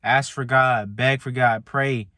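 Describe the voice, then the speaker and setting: Speaking from inside his car, a vlogger tells his viewers a casual faith story in a medium-pitched voice, with clean studio sound and no room echo. His talk is loose and easygoing, full of "man" and "like," and he often stops and starts over.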